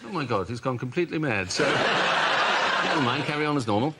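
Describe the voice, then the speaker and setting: A man's voice: mid-range voice, expressive, fairly quick, close to an everyday voice. A man playing an awkward, bumbling British prime minister in an improvised comedy sketch. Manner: chatty, bumbling, stumbling over words. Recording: noisy comedy studio recording.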